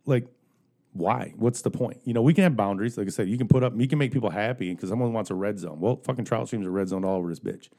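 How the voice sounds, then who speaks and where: A man's voice: lowish voice, quick pace, mellow. A man ranting in casual podcast chat, profane and joking.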